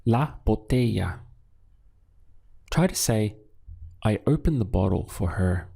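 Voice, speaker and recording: A male language teacher with a lowish, gravelly voice and a dark, mellow tone. He speaks slowly and deliberately, repeating words so learners can follow. His manner is patient and methodical. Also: lively intonation. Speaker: Spanish teacher. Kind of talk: language lesson with drills.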